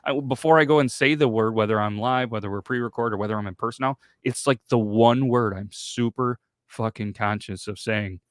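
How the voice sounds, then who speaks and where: A man's voice: mid-range voice, brisk, few pauses, dry recording, studio quality. A man hosting a podcast, rambling casually and swearing in loose banter. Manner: rambling, swearing, self-conscious. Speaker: podcast host.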